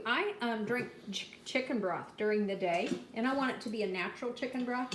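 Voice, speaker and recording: A middle-aged woman giving a chatty, upbeat cooking demonstration and product pitch, talking straight to her viewers from a home kitchen. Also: fairly quick, echoey room, far from the mic, background noise. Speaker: cooking demonstrator and sales consultant.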